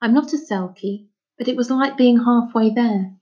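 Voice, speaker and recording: A woman's voice: a little high, normal speed, dark tone, dull audio, voice pushed up, natural voice. A woman reading aloud voices a sensitive, lonely young boy who asks eager, pleading questions. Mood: wondering.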